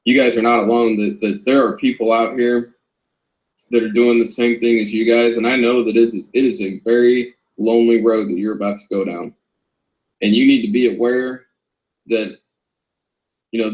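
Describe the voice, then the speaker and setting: A man's voice: medium pitch, fairly even intonation, moderate pace, darkish tone, roomy sound, highs cut off. A man, a former corrections officer, speaking as an interview guest, earnest and polite. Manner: earnest, polite, addresses host as ma'am. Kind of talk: interview over a call.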